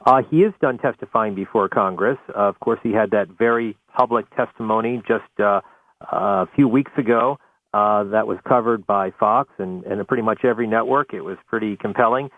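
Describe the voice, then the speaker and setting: A male White House correspondent reporting live by phone to a talk radio host, measured and thorough, with many uhs. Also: fairly low pitch, no echo. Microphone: telephone. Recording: phone line.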